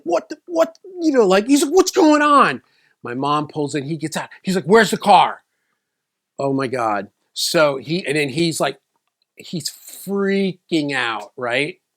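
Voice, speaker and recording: A video creator from South Florida with a mid-range, slightly bright voice shares a personal story in a casual vlog. He tells it loosely and rambles, starting over again and again.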